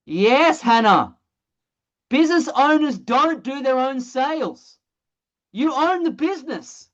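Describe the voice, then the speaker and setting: A presenter running an energetic sales training webinar over a video call, blunt and excitable, swearing casually. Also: high-pitched, measured pace, highs cut off.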